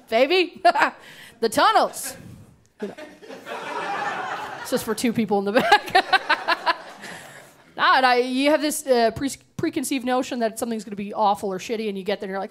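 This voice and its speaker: A woman's voice: on the high side, normal speed, long pauses, a little hiss or hum. A young woman doing a bawdy, sarcastic stand-up set into a handheld mic on a comedy club stage. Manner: sarcastic, bawdy, animated storytelling.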